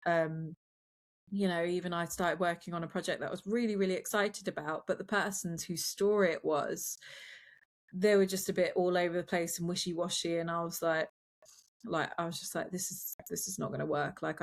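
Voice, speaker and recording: A young adult woman, a film producer, chatting casually as a guest in an interview, with quick asides and laughs. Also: fairly low pitch.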